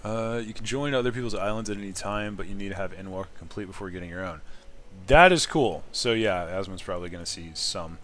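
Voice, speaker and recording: A man streaming a game, chatting casually with viewers, excitable, laughing often and swearing now and then. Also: sits low, fast. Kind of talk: casual live-stream commentary.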